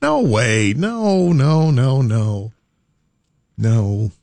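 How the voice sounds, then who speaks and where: A man's voice: mid-range voice, very animated, extremely slow, vocal fry, a little mellow, dry recording, full character voice. Brief: man doing a wife who protests too much, flustered, voice pushed up. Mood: protesting. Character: woman refusing a pricey purse, flustered.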